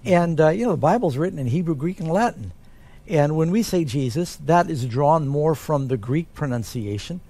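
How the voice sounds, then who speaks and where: A man, a pastor, answering Bible questions in a relaxed, conversational way. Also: on the high side, normal speed.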